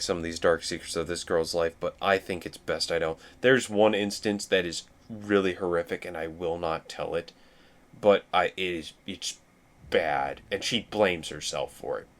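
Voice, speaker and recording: A man rambling in casual, self-deprecating commentary while he plays a video game. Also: sits low. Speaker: let's play host.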